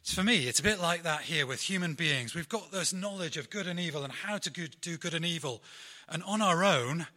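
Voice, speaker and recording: This preacher, a middle-aged Englishman, talks straight to his congregation in a conversational, self-deprecating sermon. His voice is fairly high, animated and brisk, with a very bright, forceful tone.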